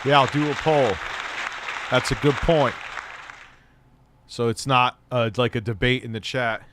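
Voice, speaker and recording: A man's voice: mid-range voice, steady tone, unhurried, fairly bright tone, some chatter behind, a little hiss or hum. A man hosting a casual live stream, rambling and swearing as he talks to his chat. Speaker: streamer reacting to videos.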